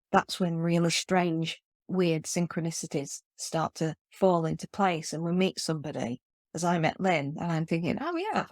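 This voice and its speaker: Earnest low-voiced woman host, dry sound. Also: darkish tone, dry recording. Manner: earnest and effusive, with frequent restarts. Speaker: podcast host. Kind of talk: casual interview chat.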